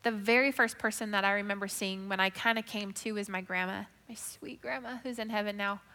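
Woman, bright and forceful tone, emotive testimony storyteller, long hall reverb. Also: mid-range voice, fairly even intonation, brisk. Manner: emotive storytelling, drops to a hushed whisper then rises loud. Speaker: speaker giving a faith testimony. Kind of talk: personal testimony.

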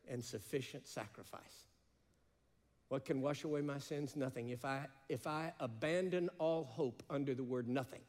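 A male preacher delivering an impassioned sermon, rising to emphatic cries, then dropping to slow, hushed phrases. His mid-pitched voice rings out with the long reverb of a large hall.

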